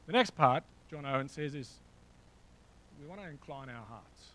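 A man with a slightly high voice preaches to his church in an easygoing, talk-to-you way. He often stalls on little fillers and restarts, then drifts into friendly asides. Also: expressive, moderate pace, a bit bright, a little hiss or hum, rough recording. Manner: conversational, with frequent fillers and asides. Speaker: pastor. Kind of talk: sermon. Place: church hall with a slideshow.

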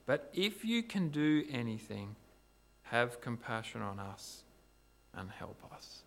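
A man's voice: mid-range voice, very animated, slow pace, creaky, fairly bright tone, full character voice. A man acting out a desperate father who is pleading for help for his son, in a sermon. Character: desperate father of a sick boy.

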